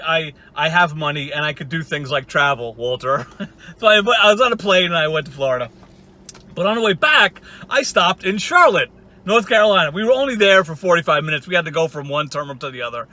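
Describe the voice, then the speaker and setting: A man rants straight to camera in a mocking, profane vlog monologue and keeps breaking into laughter. His voice sits high with a sharp, tense brightness. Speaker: online video creator.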